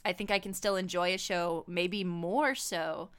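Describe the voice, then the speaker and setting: A woman's voice: on the low side, fairly even intonation, a little slow, a bit bright, smooth. A woman co-hosting a podcast in casual chat, reflective and using "like" often. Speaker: podcast co-host.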